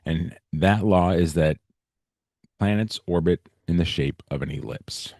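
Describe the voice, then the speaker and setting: A man's voice: low voice, a little mellow, no room sound, clean studio sound. A male teacher giving a casual, explanatory science lecture on a video call, often checking in with "right?" and "okay?". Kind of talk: online class lecture.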